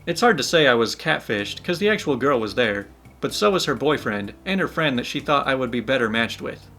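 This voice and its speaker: A man's voice: medium pitch, lively intonation, a little fast, a bit bright, slight background noise. A man narrating internet stories in a casual storytelling style, dropping wry joking asides. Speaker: narrator reading Reddit stories. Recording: faint background music.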